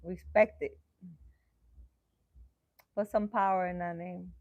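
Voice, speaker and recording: A woman's voice: fairly low pitch, fairly even intonation, takes it slowly, darkish tone, no echo, muffled recording. A woman hosting a casual livestream, chatting with viewers in a playful, teasing way. She speaks emphatically and laughs often. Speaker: livestream host answering viewers.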